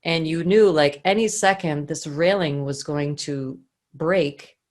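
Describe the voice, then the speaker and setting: A woman with a fairly low voice teaches a singing lesson online. She talks animatedly, jumping into little acted-out scenes to show what she means. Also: slow. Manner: animated, acts out scenes to illustrate. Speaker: singing coach.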